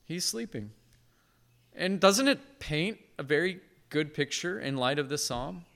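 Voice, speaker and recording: A man preaching a sermon as pastor, earnest and conversational, swinging from hushed to emphatic. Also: fairly high pitch, lively intonation, unhurried, gravelly. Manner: conversational asides with short laughs.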